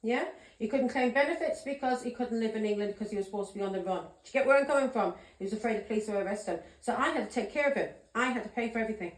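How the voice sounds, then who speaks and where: A woman's voice: a little high, racing. Blunt ranting woman in an echoey room. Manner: blunt, ranting straight talker who swears freely. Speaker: tarot reader. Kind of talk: tarot reading vlog.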